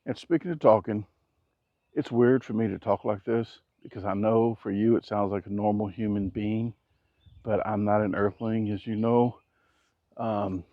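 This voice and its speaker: A man with a fairly low voice talks casually to camera at an outdoor building site, rambling between tasks and dropping jokes at himself. He keeps his naturally loud voice reined in. The action-camera audio sounds dry and a bit dull. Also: steady tone, normal speed, no echo. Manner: joking, rambling, self-deprecating asides. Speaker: vlogger. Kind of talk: casual vlog talk to camera.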